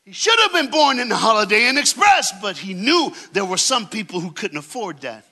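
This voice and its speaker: High, bright-voiced preacher man storytelling. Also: expressive, normal speed. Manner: dramatic storytelling, swings from hushed to shouting; call-and-response with the crowd. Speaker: guest preacher. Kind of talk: sermon. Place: church stage.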